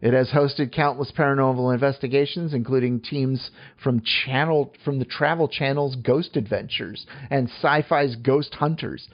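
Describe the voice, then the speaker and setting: A man co-hosting a casual podcast chat, halting through many fillers and tossing in joking asides. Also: mid-range voice, muffled recording. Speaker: podcast co-host.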